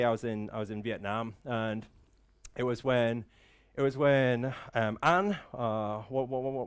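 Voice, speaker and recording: A man giving a live motivational talk to an audience in an event room, full of rhetorical questions and repeated "right?". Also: medium pitch. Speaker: motivational speaker.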